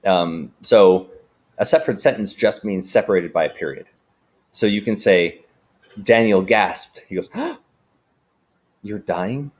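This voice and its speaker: Low-voiced man teaching, full of ums. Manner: relaxed, frequent ums and restarts. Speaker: writing teacher. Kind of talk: casual explanatory lesson.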